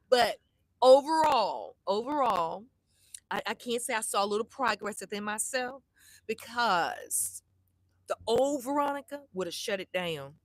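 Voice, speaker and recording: A middle-aged woman vlogs a story to her live chat, blunt and animated, cursing freely and performing the voices of the people she quotes. Her voice sits in the mid range, and there's no room sound.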